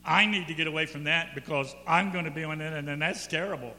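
A man's voice: fairly high pitch, quick pace, sharp tone, long reverb tail. A man voicing an aloof, self-important house cat in a dry, dismissive tone. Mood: disdainful.

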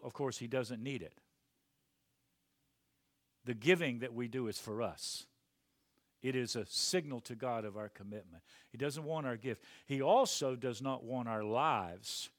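A male pastor preaching a sermon emphatically, swinging from quiet to loud. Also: mid-range voice, moderate pace, no room sound, clean studio sound.

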